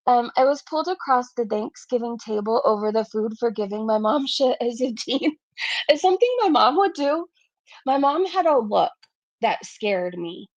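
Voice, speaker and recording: A woman's voice: sits high, moderate pace, no room sound, muffled recording. A woman in her forties hosting a casual livestream. She chats, reads viewer messages aloud and often laughs at herself. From Canada. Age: 40s. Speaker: YouTube livestream host.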